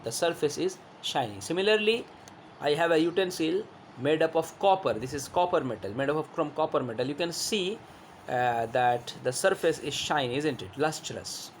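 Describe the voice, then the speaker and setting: Showing objects as he explains, a man teaching a class repeats points and poses rhetorical questions. He sounds a little high and animated, talking at a moderate pace, and there's a slight hiss or hum in the background.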